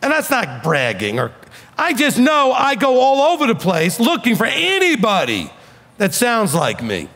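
Preaching bluntly and with emphasis, this New York-accented rabbi speaks a little slowly in a high, fairly bright voice. His pitch swings dramatically as he presses each point, echoing with a hall's long reverb.

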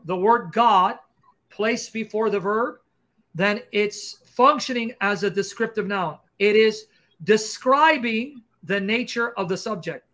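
A man hosting a livestream Q&A and explaining grammar point by point in a fast, emphatic, combative lecturing style. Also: high-pitched, fairly bright tone. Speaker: Christian apologist host. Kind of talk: livestream teaching Q&A.

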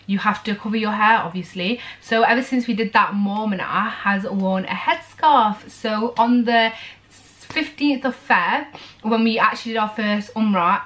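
A young woman vlogger chats casually to the camera, rambling with many fillers while tearful and emotional. Her voice is mid-range and a bit bright.

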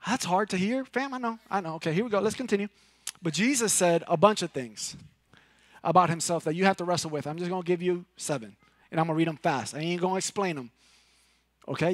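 Pastor from Puerto Rico, male, high-pitched, dry close sound, animated loud-to-hushed sermon delivery. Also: no echo. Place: church sanctuary.

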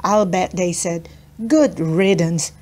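A woman's voice: on the low side, slow, darkish tone. A woman voicing a tough, blunt young girl in a storybook read-aloud. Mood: bitter. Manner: firm and blunt.

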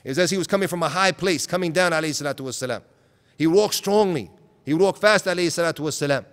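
A man's voice: a little high, fast talker, a bit bright. A man preaching a sermon in an earnest, direct way, posing rhetorical questions and mixing Arabic terms into his talk. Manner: mixes in Arabic terms and recited verses. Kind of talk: Islamic lecture. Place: lecture hall at an event. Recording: reverberant hall sound.

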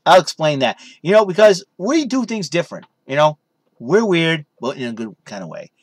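A man's voice: fairly high pitch, sing-song, normal speed, no room sound. A young man casually vlogging from his room in his parents' basement, rambling and saying "you know" constantly. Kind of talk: casual vlog chat.

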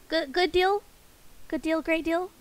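High-pitched woman streaming a game, giggly and playful, chatting with chat. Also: rough recording.

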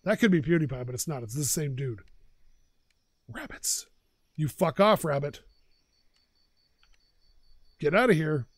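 A man's voice: a little high, expressive, moderate pace, pauses often. A man hosting his own gaming channel, chatting and ranting in an opinionated way while he plays. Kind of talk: casual gameplay commentary.

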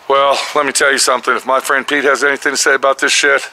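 A man's voice: mid-range voice, flat delivery, fast talker, bright, forceful tone, low-quality recording. A man hosting a vlog at his car shop, ranting angrily and cursing in exasperation, with music playing under his voice. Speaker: mechanic and channel host. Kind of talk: casual vlog walkthrough.

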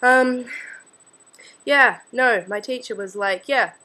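Brief: late-teen Australian girl, slightly high voice, rambling self-mocking vlog chatter full of ums. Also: moderate pace, fairly bright tone, low-quality recording. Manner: chatty, scattered, self-deprecating, many fillers. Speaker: student vlogger.

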